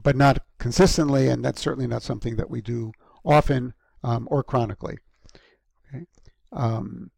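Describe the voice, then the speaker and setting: A man giving a recorded university lecture, halting with frequent ums and restarts and clearing an irritated throat often. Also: mid-range voice, darkish tone, dry recording. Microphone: close microphone.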